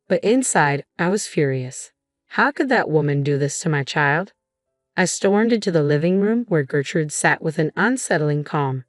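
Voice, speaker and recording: Low-voiced woman narrating a story. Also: lively intonation, normal speed, no room sound, studio quality, soft background music. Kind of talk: scripted first-person narration.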